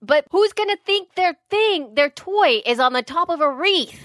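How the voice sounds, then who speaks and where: A woman's voice: very high-pitched, expressive, moderate pace, fairly bright tone, no echo, clean studio sound. A woman in casual chat, listening and reacting with short sympathetic exclamations.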